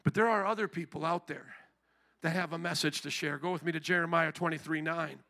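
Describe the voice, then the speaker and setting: A man preaching a sermon as pastor, animated and acting out the voices he quotes. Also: a little high, brisk, creaky.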